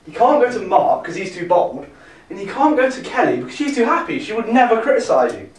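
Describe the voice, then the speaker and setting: A man's voice: high-pitched, big pitch swings, fairly quick. A young man in an amateur comedy sketch, giving advice in a matter-of-fact way. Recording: echoey room, far from the mic, faint hiss.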